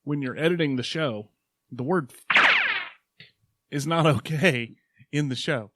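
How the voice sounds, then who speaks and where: A man co-hosting a travel podcast, trading wry deadpan banter. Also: a little high, measured pace, heavy background noise. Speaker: podcast co-host. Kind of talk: casual chat.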